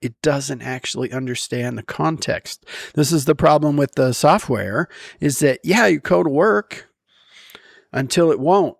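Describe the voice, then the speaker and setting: A man's voice: on the high side, a little slow, creaky, dry recording, clean studio sound. A man talking casually to camera in a rambling way, with many ums and restarts and frequent chuckles. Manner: chuckles often while talking. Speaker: vlogger.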